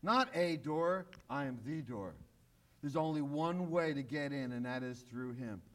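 A male pastor preaching a sermon, emphatic, repeating key phrases and often sinking to a hushed, low voice.

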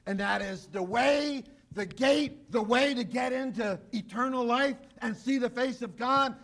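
A man delivers a radio sermon in a notably high voice. He preaches emphatically, rising to loud declarations and then dropping to quiet, low asides. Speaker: pastor.

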